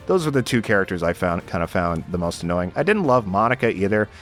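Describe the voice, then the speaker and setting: A man's voice: low-pitched, big pitch swings, quick pace, fairly bright tone, soft background music. A young man giving casual, exasperated game commentary, sarcastic and swearing often.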